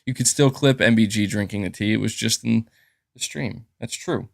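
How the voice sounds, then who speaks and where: A gaming channel host rambles through a casual livestream and thanks his viewers, his sore throat showing. His voice is fairly low and gravelly at a moderate pace, captured in a dry, clean studio recording.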